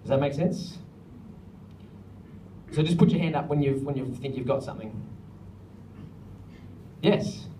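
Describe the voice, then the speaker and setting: A music director leads a songwriting workshop, joking with the group and often singing lines to show the melody. His voice is mid-range and warm, unhurried with long pauses. He is recorded far from the mic, with faint ambience and slight background noise.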